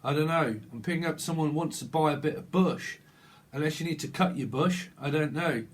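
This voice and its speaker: A man's voice: fairly high pitch, a little fast. A man with a British accent giving a solo tarot reading, rambling and joking as he talks himself back on track. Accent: British English. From Britain. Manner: rambling, jokey, self-interrupting. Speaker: tarot reader.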